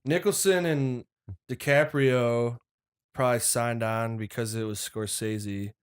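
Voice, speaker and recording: Young male podcast host, resonant clear voice, loose rambling delivery with casual cursing. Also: mid-range voice, steady tone, slow pace. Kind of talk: casual movie chat.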